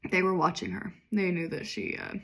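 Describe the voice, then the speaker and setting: A husky, low-pitched young woman reads her old story aloud and breaks off often to mock it with sarcastic asides. Her tone is amused and casual. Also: steady tone, a little fast, a bit bright. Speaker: reader of her own childhood story. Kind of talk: comic reading with commentary.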